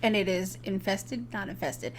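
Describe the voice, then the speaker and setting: A woman's voice: medium pitch, normal speed, slight background noise. A young woman co-hosting a podcast, chatting casually about a movie and peppering her speech with "like". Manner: easygoing, heavy use of "like". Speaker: podcast co-host. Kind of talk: casual chat recapping a movie.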